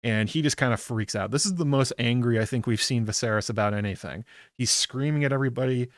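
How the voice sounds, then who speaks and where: A man's voice: mid-range voice, fast, no room sound, clean studio sound. A man hosting a podcast, recapping a TV episode in a rambling, casual way with lots of filler words. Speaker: podcast host.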